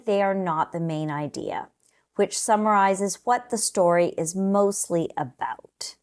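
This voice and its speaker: Woman reading out a test prep lesson, slow and steady, lowish voice. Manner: slow, measured, explanatory. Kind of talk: scripted lesson narration.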